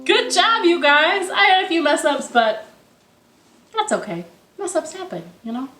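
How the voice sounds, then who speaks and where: High-voiced cheerful woman leading storytime. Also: very animated, normal speed, over loud music. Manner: cheerful, chatty, laughs at her own slips. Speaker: children's storytime host. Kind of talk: children's storytime with songs. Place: living room at home. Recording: echoey living room with ukulele.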